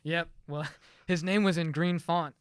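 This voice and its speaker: Young guy rambling on a podcast, smooth clean voice, dry room. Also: on the high side, fairly even intonation, unhurried, no echo. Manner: loose, rambling with many fillers. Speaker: podcast co-host. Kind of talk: casual chat.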